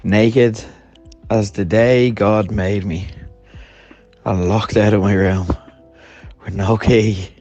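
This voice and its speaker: A man's voice: fairly low pitch, fairly even intonation, takes it slowly, pauses often, a little mellow, dull audio, soft background music. A hungover man telling a friend a story in a voice note, laughing often and swearing as he rambles. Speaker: podcast host.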